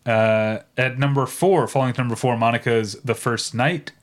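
A man's voice: mid-range voice, fairly even intonation, moderate pace. A man in his thirties co-hosting a podcast in casual chat, rambling a little with fillers as he runs through a segment. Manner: chatty, rambling with fillers, breaks into brief off-key singing. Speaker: podcast co-host.

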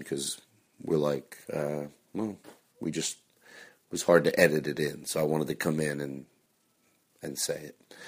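A man hosting a show, chatting casually in a soft-spoken, partly whispered way. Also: low-pitched. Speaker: radio show host. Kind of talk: casual chat.

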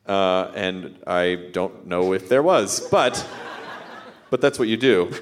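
A man hosting a live podcast, chatting casually with quick self-deprecating jokes. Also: deep voice, lively intonation, a little hiss or hum. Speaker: podcast host.

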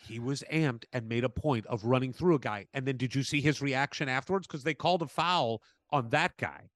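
A man co-hosting a podcast, chatting casually and telling animated stories with acted-out quotes. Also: mid-range voice, brisk, dry recording. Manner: animated storyteller, acts out quotes. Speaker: podcast co-host. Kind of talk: casual chat.

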